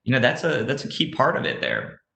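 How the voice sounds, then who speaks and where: A man's voice: mid-range voice, huge pitch swings, fairly quick, vocal fry, sharp tone. A man giving a conversational keynote talk, telling a personal story with many fillers and restarts. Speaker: conference speaker. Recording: roomy echo.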